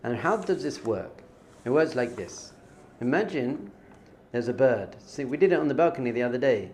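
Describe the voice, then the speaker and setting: A man's voice: mid-range voice, expressive, normal speed, a little mellow, a little hiss or hum. A male rabbi gives an informal spiritual lesson in a mid-range voice. He speaks conversationally and repeats phrases for emphasis. Hebrew terms come up naturally in his talk. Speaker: rabbi teaching.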